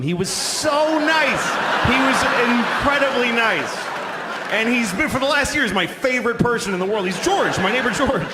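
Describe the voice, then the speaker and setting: A man's voice: high voice, animated, brisk. A man doing stand-up, telling an affectionate story about his neighbor. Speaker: stand-up comedian. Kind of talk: stand-up comedy set. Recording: echoey live room, noisy.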